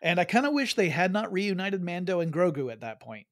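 A man co-hosting a geeky podcast in casual, jokey chat with quick asides. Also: high-pitched, sing-song, dry recording, clean studio sound. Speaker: podcast co-host.

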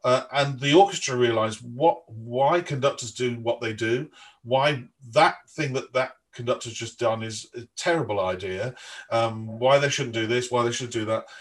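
A man's voice: mid-range voice, moderate pace. A man hosting a podcast interview, chatting in a rambling way with frequent restarts. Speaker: podcast host. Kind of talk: casual interview chat.

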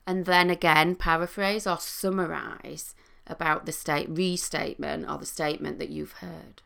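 Low, gravelly-voiced woman coach. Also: normal speed. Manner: calm, explanatory, with sing-song demonstrations. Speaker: coach and trained therapist. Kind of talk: talking to camera, teaching.

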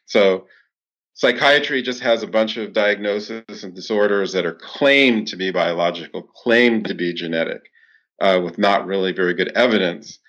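A man's voice: low-pitched, normal speed, fairly bright tone. A man answering interview questions as a clinical psychologist, explaining at length with many fillers and restarts. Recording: dull lo-fi sound.

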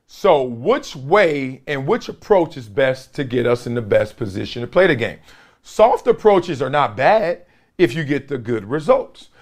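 A middle-aged man hosting a sports talk show, commenting casually and playfully, laughing often and mimicking coaches. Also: medium pitch.

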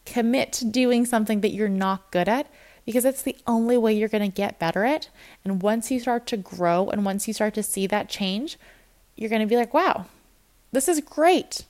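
A woman's voice: medium pitch, normal speed, darkish tone. Woman, fitness coach, casual motivational chat; candid and upbeat, mid-range voice, acts out her own self-talk.

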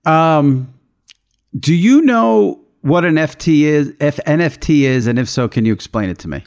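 A man's voice: on the high side, animated, normal speed, a little mellow. A man hosting a casual chat, throwing out questions and chiming in with short agreements. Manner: brief agreeable interjections. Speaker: host.

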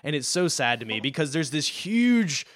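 A man's voice: a little high, normal speed, no echo, clean studio sound. A man co-hosting a casual podcast, telling a comic book story with energy and acting out quotes. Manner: excited storytelling with quoted voices. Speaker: podcast co-host.

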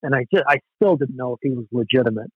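A man's voice: medium pitch, quick pace, breathy edge, no room sound. Man telling band stories, dull dry sound. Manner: rambling, self-deprecating, with frequent "you know". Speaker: guest, former hardcore band musician. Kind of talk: casual storytelling interview.

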